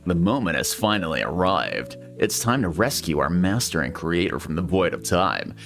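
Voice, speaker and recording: Guy doing a deep, serious mage critter voice, slow and formal, goes on and on. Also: big pitch swings, creaky, fairly bright tone, faint music behind, full character voice. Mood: solemn. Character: solemn male mage creature, long-winded.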